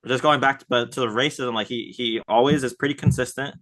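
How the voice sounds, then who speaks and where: Man, podcast co-host, crisp bright tone, easygoing thinking-aloud delivery. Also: medium pitch, fast talker. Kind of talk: casual chat.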